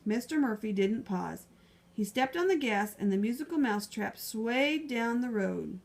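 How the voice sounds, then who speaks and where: A woman narrating a children's book in a lively, expressive storytelling manner. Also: a little high, moderate pace, gravelly. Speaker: audiobook reader.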